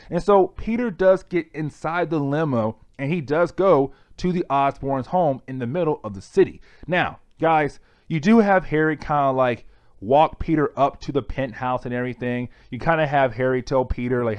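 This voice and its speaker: A man's voice: on the high side, expressive, normal speed, dry recording. A man casually recapping a comic book plot for viewers in a chatty style. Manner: chatty, repeatedly addresses viewers as guys.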